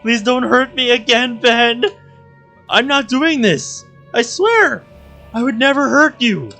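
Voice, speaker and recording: Male streamer doing a high, breaking falsetto for a tearful, devoted game girl, lively swings. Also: takes it slowly, vocal fry, soft background music, heavily acted. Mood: pleading. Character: lovesick young anime girl, tearful and pleading.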